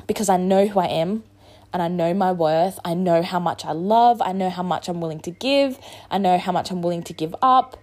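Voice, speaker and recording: A hungover woman hosts her solo podcast in a slightly mellow, medium-pitched voice. Her casual monologue is blunt and motivational, with plenty of swearing.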